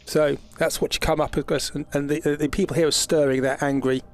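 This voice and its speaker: A male game master narrates a tabletop fantasy game in a halting way, full of fillers. His voice sits slightly high, and he speaks into a home microphone over a voice call. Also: flat delivery.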